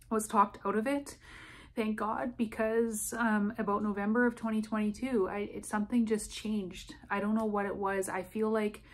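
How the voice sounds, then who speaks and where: A woman giving candid personal testimony to camera, speaking in a halting, emotional way with frequent restarts. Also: mid-range voice. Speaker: vlogger sharing a personal experience.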